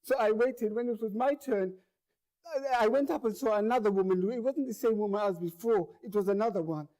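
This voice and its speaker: A man with a high voice and a slightly quick pace delivers a first-person monologue. He tells his story earnestly, repeating words and phrases and getting louder as the tension builds.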